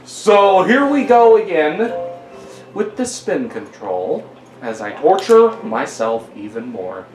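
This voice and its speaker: A young man with a high voice that leaps all over the place, commentating a game at home and getting exasperated with it. He talks slowly, in an echoey room with game music playing underneath. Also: very animated. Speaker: gaming YouTuber. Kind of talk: casual gameplay commentary.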